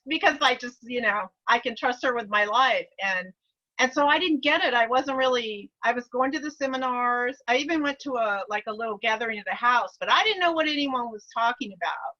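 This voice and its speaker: Excited bright-voiced woman on a call. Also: a little high, normal speed, highs cut off. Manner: eager, rambling, many restarts and laughs. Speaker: course participant. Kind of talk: casual sharing on a group video call.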